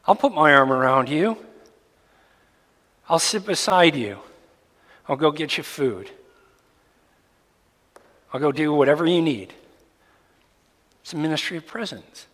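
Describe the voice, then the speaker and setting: A man preaching a sermon as a pastor, animated and jokey, sometimes mimicking babble. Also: a little high, measured pace, long pauses. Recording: long reverb of a hall.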